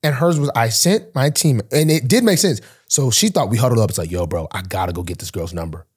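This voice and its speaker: Here a young pro football player hosting his podcast narrates a story in a casual way, brisk and a bit breathy. He brings the quoted people to life with animated delivery and large pitch jumps.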